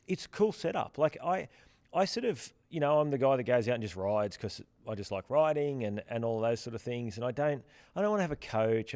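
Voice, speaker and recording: A man co-hosting a casual podcast, his talk loose and rambling, full of restarts. His voice sits at an ordinary middle pitch. The recording is close and dry, with no room sound. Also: dry recording. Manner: relaxed, rambling with many restarts and fillers. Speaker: podcast co-host from the platform's team.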